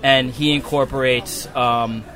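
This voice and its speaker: A man with a Long Island accent, a muralist talking casually in an interview, relaxed and rambling with many fillers and restarts. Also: mid-range voice, unhurried. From Long Island, New York. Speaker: muralist guest. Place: outdoors at a wall being painted.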